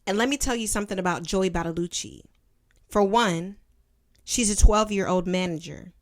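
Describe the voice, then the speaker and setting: A woman's voice: medium pitch, moderate pace. A woman in her twenties giving casual, slangy, sarcastic commentary as she reviews a film she loved as a kid. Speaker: vlogger reviewing a childhood film.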